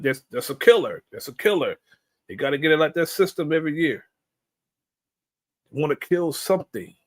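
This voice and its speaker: A man giving casual commentary, blunt and ranting, with swearing. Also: a little high.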